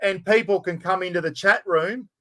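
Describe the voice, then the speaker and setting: A man's voice: sits high, moderate pace, fairly bright tone, poor audio. An older Australian man hosting a casual live-stream chat, friendly and matey, calling everyone mate. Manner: matey, says "mate" constantly. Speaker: host.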